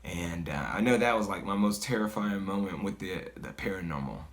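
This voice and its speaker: Man with a lowish voice, relaxed spoken storyteller, loose and profane, heavy on "like.". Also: brisk. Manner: loose and conversational, swears freely, many "like" fillers. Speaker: guest storyteller. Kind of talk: casual spoken personal story.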